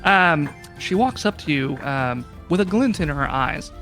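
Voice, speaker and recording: Casual GM narration, hesitant with plenty of ums, faint music behind. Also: male voice, fairly high pitch, expressive, unhurried, hardly any pauses, fairly bright tone. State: dry cough after illness. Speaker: game master. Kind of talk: narrating a tabletop game.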